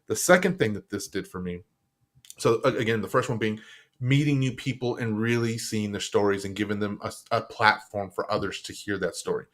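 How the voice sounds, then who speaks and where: A man, a guest on a live stream show, chatting casually and acting out the quotes in his stories. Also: brisk. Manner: animated storyteller, acts out quotes with big pitch jumps. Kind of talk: casual interview chat. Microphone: live stream setup.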